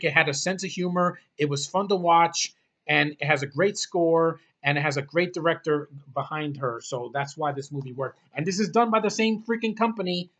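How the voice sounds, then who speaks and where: A man's voice: fairly high pitch, a bit bright. A man ranting about a movie in a casual, blunt, exasperated way, swearing often and rambling through restarts. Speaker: movie reviewer.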